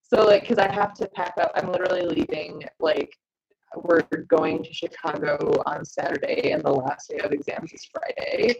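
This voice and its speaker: A woman's voice: lowish voice, sing-song, moderate pace, vocal fry, slightly rough. A young woman, a college student, chatting as a guest on a live stream, rambling and full of fillers. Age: young adult. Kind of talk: casual live-stream chat. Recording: dull lo-fi stream audio.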